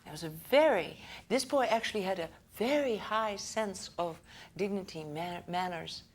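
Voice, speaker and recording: A woman's voice: mid-range voice, normal speed, slightly rough. A woman school director giving a lecture to parents in a conversational way, checking in with the audience, laughing often and acting out the people in her stories.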